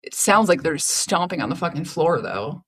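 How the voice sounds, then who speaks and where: A woman's voice: low-pitched, very animated, normal speed, breathy edge. A woman from Los Angeles co-hosting a podcast, chatting casually with many "like"s, laughing and swearing easily. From Los Angeles, USA. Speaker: podcast co-host. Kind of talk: casual chat.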